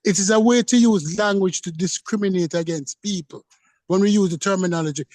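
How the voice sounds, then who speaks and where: A man with a fairly high voice argues insistently in a heated casual debate, repeating phrases and talking over the others. The sound is dry and close, with no room around him. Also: brisk, a little mellow, no echo. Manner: insistent, interrupts, repeats himself. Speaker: podcast co-host.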